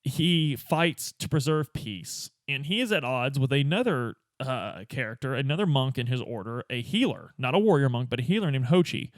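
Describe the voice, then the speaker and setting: A man hosting a podcast, retelling a game's story in an animated, casual way. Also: mid-range voice, moderate pace, few pauses, no room sound. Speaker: podcast host.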